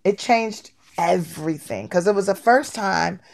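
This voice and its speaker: A middle-aged woman talks in a casual, playful way, as if telling a funny story to a friend. Her voice sits at an ordinary middle pitch, and she speaks with lively, animated energy. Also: measured pace, vocal fry. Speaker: guest comedian.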